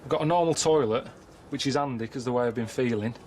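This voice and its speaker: A man giving grumbling, deadpan travel commentary outdoors, moaning and complaining as he goes. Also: medium pitch, fast talker, a little hiss or hum, rough recording. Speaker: traveling presenter.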